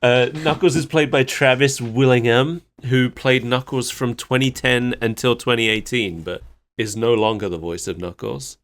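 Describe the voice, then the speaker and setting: A man's voice: medium pitch, fairly even intonation, normal speed, a bit bright. Casual guy on a podcast, talks a lot and keeps laughing. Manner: chatty, laughs often. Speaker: podcast co-host. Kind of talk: casual chat recapping a cartoon.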